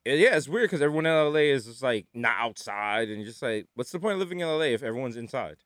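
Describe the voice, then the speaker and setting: A man's voice: medium pitch, fast talker, dry recording, studio quality. A man, a podcast co-host from New York and former nightclub security, telling stories in casual chat and acting out the people he quotes. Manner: animated storytelling, acts out quotes.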